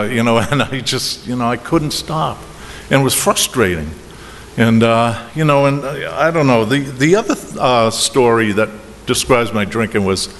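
A middle-aged man with a Boston accent tells a meandering personal story about his drinking at a recovery meeting, halting and restarting with chuckles. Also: medium pitch. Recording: reverberant hall with faint noise.

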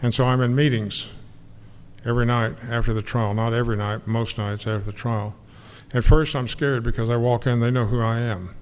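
A man's voice: mid-range voice, fairly even intonation, moderate pace. An older man giving an earnest, emotional personal testimony about his recovery to an audience. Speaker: speaker sharing recovery story. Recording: long hall reverb, faint noise.

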